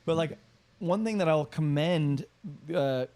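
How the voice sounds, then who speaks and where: A man's voice: fairly high pitch, a little slow, warm tone. A man co-hosting a podcast, rambling in casual chat with many fillers and repeats. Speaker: podcast co-host.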